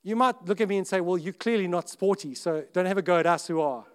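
Male pastor, high-ish voice, sermon delivery that is chatty and earnest, with restarts and bursts of volume. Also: fast, clean tone. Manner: earnest, conversational, with self-interrupting restarts and sudden rises in volume.

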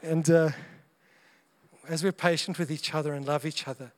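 A man's voice: fairly high pitch, fairly even intonation, moderate pace. A man and father preaching a sermon to a congregation, chatty and humorous, often acting out little dialogues as he goes. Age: adult parent of young children.

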